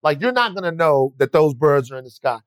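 A man's voice: a little high, big pitch swings, a little fast, no echo. A man talking on a podcast in a rambling, profane way, often restarting sentences. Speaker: podcast guest. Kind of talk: casual chat.

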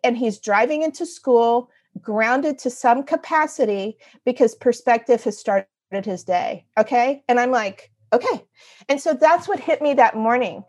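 A middle-aged woman, a guest author, telling a story in conversation and acting out her own remarks in expressive voices. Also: on the high side, unhurried, few pauses.

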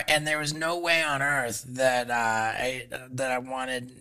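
Podcast guest, man, bright edgy voice, halting and full of fillers, profane storyteller. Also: mid-range voice, little pitch movement, smooth. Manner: halting, stacks fillers and restarts; swears freely. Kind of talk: casual storytelling.

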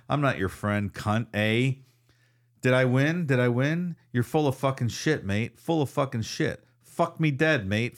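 A man voicing a gruff, rambling old Australian man with an Australian accent, muttering and repeating himself. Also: medium pitch, close to an everyday voice. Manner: muttering, repetitive, sing-song cackling.

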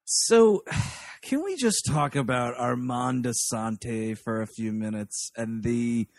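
A man's voice: medium pitch, takes it slowly, no room sound. A man co-hosting a casual film review podcast, rambling and swearing as he talks. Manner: profane, rambling, animated. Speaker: podcast co-host.

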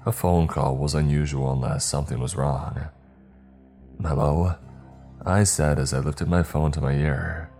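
A man narrating a scary story in a calm, measured storytelling manner. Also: rumbling low, vocal fry. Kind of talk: scripted horror story narration. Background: faint music.

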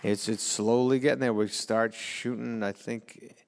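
A middle-aged man talking casually as an interview guest, laid-back, laughing often, repeating words and slipping into quick impressions. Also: mid-range voice, fairly even intonation, vocal fry, long reverb tail, some chatter behind, slight background noise. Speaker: actor and comedian guest.

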